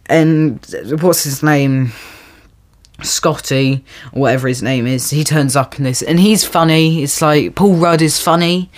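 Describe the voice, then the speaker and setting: Exasperated young podcaster ranting. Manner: exasperated ranting, with frequent restarts; jumps to high, exaggerated pitch when mocking. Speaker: podcast host. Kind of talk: solo film-review rant.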